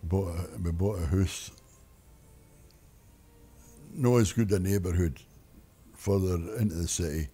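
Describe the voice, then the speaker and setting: A man's voice: low voice, a little slow, long pauses, mellow, breathy edge, faint music behind. An older retired man rambling through a personal story, wry and full of restarts. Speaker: interviewee.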